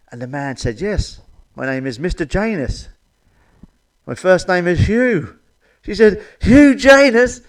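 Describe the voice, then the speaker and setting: A middle-aged man reels off blunt, filthy one-liners, swearing freely. His voice sits at an ordinary middle pitch, and he chuckles at his own jokes. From England. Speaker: comedian. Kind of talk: stand-up joke telling to camera.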